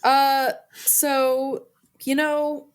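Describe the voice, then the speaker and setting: Woman, 30s, podcast co-host, chatty and quick to laugh. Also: sits high, little pitch movement. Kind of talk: casual chat.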